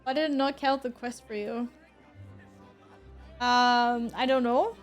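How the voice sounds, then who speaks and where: Chatty streamer woman with a bright voice. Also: a little high, fairly even intonation, takes it slowly, soft background music. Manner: chatty, laughs often, swears. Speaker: game streamer. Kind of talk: casual gameplay commentary.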